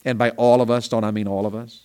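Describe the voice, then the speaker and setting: A man's voice: lowish voice, level tone, quick pace, clean tone. Folksy revival preacher man. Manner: folksy, storytelling, rising to loud emphatic peaks. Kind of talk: revival sermon. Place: small church.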